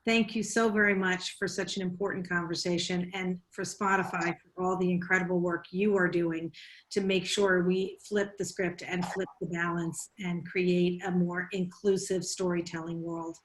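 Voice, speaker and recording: American woman moderating, even lowish voice. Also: normal speed, a little hiss or hum. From United States. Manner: warm, effusive, wrapping up with thanks. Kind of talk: panel moderation.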